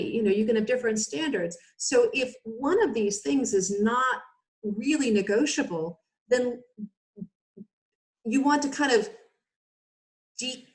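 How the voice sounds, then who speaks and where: A woman speaking as a guest expert in a webinar over a video call, explaining in a conversational way with frequent fillers. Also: on the high side.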